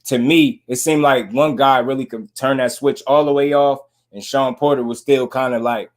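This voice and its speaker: Brief: male commentator, relaxed and slangy, mid-range voice, laughs a lot. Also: mid-range voice, moderate pace, hardly any pauses. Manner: slangy and laid-back, laughing often, reading out viewer comments. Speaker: boxing commentator. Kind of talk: casual commentary.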